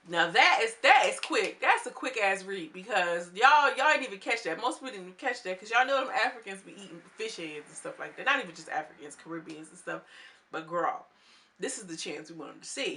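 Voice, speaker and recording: A young woman recapping a reality show in casual chat, sassy and animated, acting out what each cast member said. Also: mid-range voice, slight background noise.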